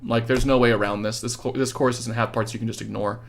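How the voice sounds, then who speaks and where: A young adult male economics teacher giving a casual livestreamed exam review, quick and chatty, answering viewers' questions by name, tired after hours of talking. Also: medium pitch, steady tone, vocal fry.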